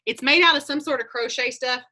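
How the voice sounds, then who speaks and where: A woman's voice: high-pitched, a little fast, pushed and bright. A woman, talking on a video call, telling chatty stories and acting out her own thoughts as she coaches a group.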